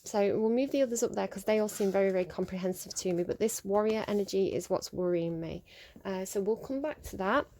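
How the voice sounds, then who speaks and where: Here is a woman talking through a tarot reading as if thinking out loud. She is halting and musing, with lots of ums and false starts. Her voice sits at an ordinary middle pitch. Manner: laughs at her own slips. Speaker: tarot reader. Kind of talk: solo tarot reading to camera.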